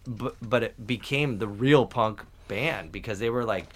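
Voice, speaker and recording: A young adult man hosts a podcast, speaking in a rather low voice. His talk rambles loosely, with many fillers, restarts and casual swearing. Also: measured pace, a bit bright, slight background noise. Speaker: podcast host. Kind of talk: casual chat.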